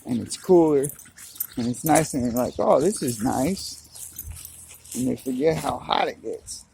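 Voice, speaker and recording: Filming on his phone while walking his dog outside, a man chats in a laid-back, talkative way, often saying "you know what I'm saying." His mid-range voice is gravelly and warm at a moderate pace, on a low-quality recording with slight background noise.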